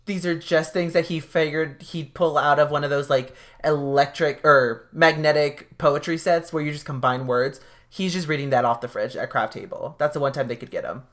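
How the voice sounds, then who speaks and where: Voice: mid-range voice, normal speed, hardly any pauses, a bit bright. A podcast guest in casual chat, joking and asking playful questions.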